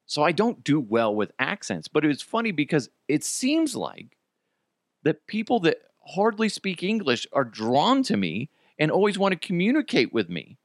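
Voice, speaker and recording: Lively rambling male podcast host. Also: on the high side, moderate pace, no echo, studio quality. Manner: rambling, self-deprecating, swears freely. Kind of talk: casual storytelling monologue.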